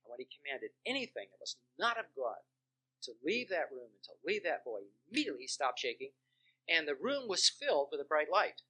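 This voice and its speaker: A man preaching and telling testimonies in an earnest, emphatic way, stressing key words as he goes. His voice sits a little high for a man and rings bright and forceful. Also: very animated, fairly quick, slightly rough. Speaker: Christian minister and counselor.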